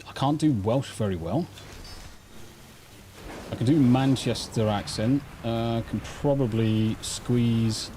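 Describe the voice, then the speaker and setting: Mellow sweary English streamer. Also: male voice, medium pitch, slight background noise. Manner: rambling, sweary and chatty. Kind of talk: casual live gameplay chat. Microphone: desk mic through a mixer.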